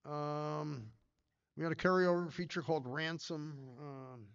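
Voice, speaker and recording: A man's voice: on the high side, a little slow, clean tone, muffled recording. An older man giving a casual conference talk about his career, rambling through anecdotes with many fillers and restarts. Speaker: pinball designer giving a talk.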